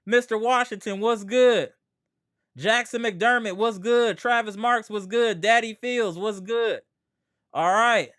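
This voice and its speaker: A man's voice: sits high, slow pace, a bit bright, no echo, studio quality. A man hosting a casual sports livestream, slangy and trash-talking as he greets chat viewers by name. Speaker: sports channel host.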